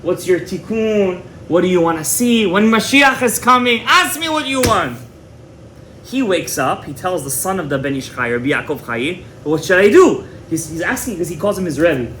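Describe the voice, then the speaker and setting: A man's voice: high-pitched, very animated, moderate pace, a bit bright, a little hiss or hum. A man teaching a Torah class as a rabbi, retelling a story dramatically, repeating words and mixing in Hebrew terms. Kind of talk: animated storytelling lecture.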